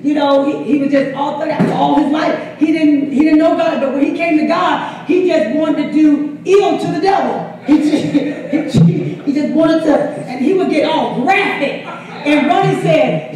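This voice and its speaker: A woman's voice: very high voice, lively intonation, unhurried, a little mellow, a faint crowd. A woman pastor telling a story in a sermon, laughing often and acting out quotes. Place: church hall. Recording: echoey hall from far off.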